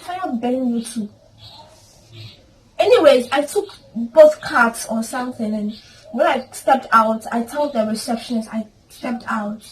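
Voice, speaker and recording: Speaking unhurriedly in a slightly high voice, a woman vlogs an emotional, earnest personal story punctuated by prayerful asides. There's slight background noise, faint ambience, and she's positioned away from the microphone.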